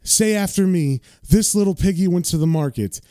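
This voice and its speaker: A man reading the lines of a deranged male police officer yelling at his family. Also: high-pitched, normal speed, smooth, no echo, clean studio sound, voice pushed up, lightly acted. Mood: menacing. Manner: yelling, taunting.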